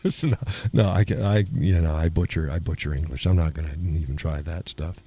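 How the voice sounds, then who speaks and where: A middle-aged man with a deep bass voice, dark and slightly rough, talks fairly quickly while hosting a live stream. He chats casually with viewers, laughs often at their comments, and pokes fun at himself, all while fighting a lingering cough and clearing his throat.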